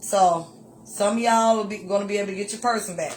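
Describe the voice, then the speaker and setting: A woman giving a tarot reading to her viewers, animated and exclamatory, repeating phrases for emphasis and calling listeners honey. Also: mid-range voice, fast talker, a little hiss or hum. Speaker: tarot reader.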